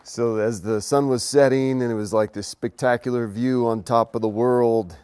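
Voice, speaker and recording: Halting, earnest man preaching informally. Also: medium pitch, fairly even intonation, darkish tone, a little hiss or hum. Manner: halting with restarts, then emphatic rhetorical questions. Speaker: pastor. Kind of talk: informal sermon to an engaged couple.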